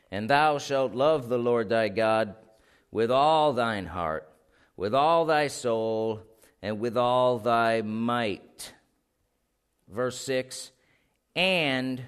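Animated preacher man with lively pitch. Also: clean tone. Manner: animated, asks the congregation questions and reads scripture aloud. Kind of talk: sermon.

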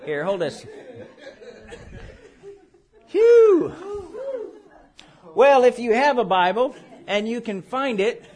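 A man delivers a charismatic church sermon, laughing through his words in a lively, playful manner. His voice sits high and his pace is moderate.

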